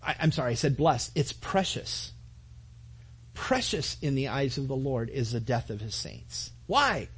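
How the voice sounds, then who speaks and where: A man's voice: mid-range voice, sing-song, measured pace, husky. A man preaching a sermon to his congregation, earnest, with repetitions and asides to the listeners. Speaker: pastor.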